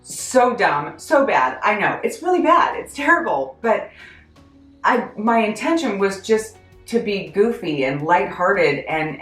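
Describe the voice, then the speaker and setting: A woman telling a story from her job in a chatty, self-deprecating, animated way for her vlog. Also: medium pitch. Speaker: vlogger recounting a job story. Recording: echoey room.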